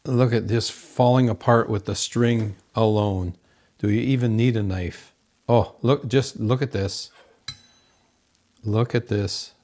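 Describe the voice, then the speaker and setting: A man's voice: lowish voice, fairly even intonation, slow, a little mellow. A man hosting a home cooking show from his kitchen, gushing over the food and talking to viewers as folks.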